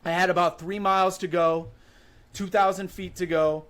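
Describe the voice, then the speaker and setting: A young man from Wisconsin, in his twenties, guests on a podcast with a high-pitched voice at a moderate pace. His telling of the story is lively and casual, sprinkled with "like" and "you know."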